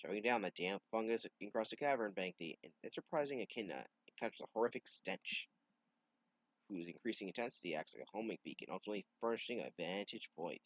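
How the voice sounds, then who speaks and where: Offhand, swearing comic reader. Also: male voice, lowish voice, animated, fast talker, no echo. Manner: offhand, swearing, self-mocking. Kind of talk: reading comics aloud with commentary. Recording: dull dry home recording.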